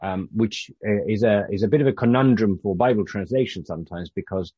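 A man's voice: lowish voice, husky, dry recording, highs cut off. A man from Britain leading an informal Bible study, talking conversationally with frequent halts and restarts. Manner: halting, restarts often, conversational.

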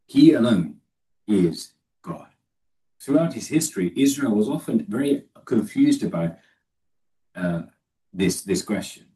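A man's voice: lowish voice, animated, measured pace, long pauses, dark tone, recorded from a distance, low-quality recording. A man preaching a sermon, emphatic and lifting his voice when he quotes scripture, with fillers and restarts.

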